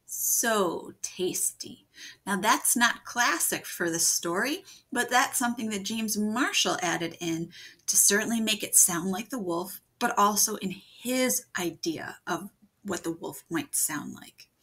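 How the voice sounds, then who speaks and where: A woman teaching children to write fairy tales in a video lesson. She talks gently and encouragingly, and thinks out loud. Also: medium pitch, lively intonation, unhurried, slightly rough. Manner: thinks aloud, gentle and encouraging, with frequent restarts. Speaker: writing teacher.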